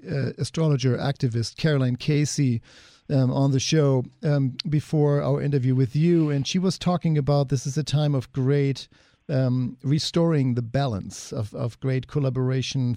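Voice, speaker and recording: A man hosting a radio talk show, speaking calmly and reflectively with a few "um"s. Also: medium pitch, dry recording, studio quality. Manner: calm, reflective, with "um"s. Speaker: radio host.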